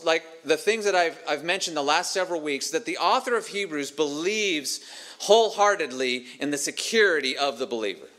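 Bright-voiced, earnest preaching man. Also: a little high. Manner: earnest, emphatic preaching with repeated phrases. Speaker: pastor. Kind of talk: sermon.

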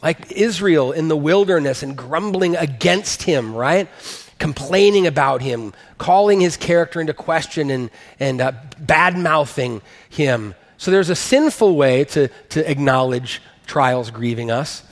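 A man's voice: on the high side, lively intonation, unhurried, long reverb tail. A man preaching a sermon as a pastor, earnest and emphatic, rising to stress his points.

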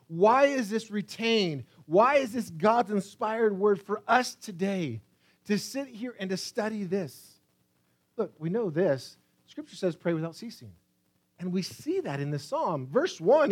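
A male pastor preaching a sermon, reading scripture with dramatic pauses and swinging from loud, urgent pleas to hushed near-whispers. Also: high-pitched.

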